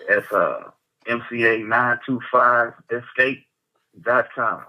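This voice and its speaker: A man's voice: medium pitch, fairly even intonation, takes it slowly. Laid-back male caller over a phone line. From Kansas City. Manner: laid-back, hesitant with fillers. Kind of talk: casual phone-in chat.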